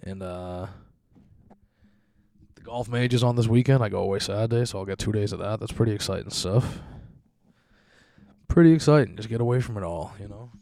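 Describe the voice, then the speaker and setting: A young podcast host rambles through a loose, profane monologue, hopping from one crude story to another and chuckling at his own jokes. His voice is fairly low and mellow, his pace brisk, and the recording dry and close with no room sound.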